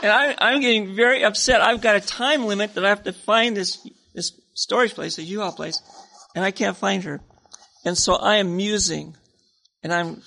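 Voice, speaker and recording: A man's voice: high voice, moderate pace, gravelly, sharp tone. A man telling his side of a story at a sermon, in a conversational way with self-mocking humor.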